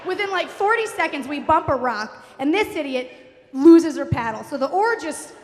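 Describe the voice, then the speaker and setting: A woman telling a comic personal story on stage, fast, wry and profane, recorded in a live venue hall. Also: high voice, expressive. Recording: echoey hall, faint room noise.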